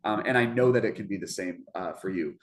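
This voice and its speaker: A man's voice: deep voice, fairly quick. A man presenting an informational webinar over a video call, talking earnestly and conversationally with many restarts. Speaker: webinar presenter for a marketing program.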